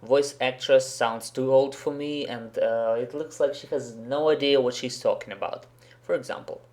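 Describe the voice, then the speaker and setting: Host: man, mid-pitched, blunt and sarcastic, swears freely while critiquing. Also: normal speed, a little mellow. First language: Russian. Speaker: host, professional interpreter. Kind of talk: commentary video.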